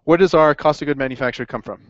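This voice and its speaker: A man teaching an accounting class in a lively classroom lecture, quizzing students as he goes. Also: on the high side, quick pace, no echo. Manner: upbeat, asks the class questions. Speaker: accounting instructor. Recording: dry, dull lo-fi classroom recording.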